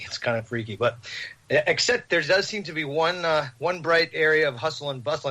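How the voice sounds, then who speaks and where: A man on a podcast, telling a rambling, animated story with laughs. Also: fairly high pitch, fairly quick. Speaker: podcast host. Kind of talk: casual storytelling.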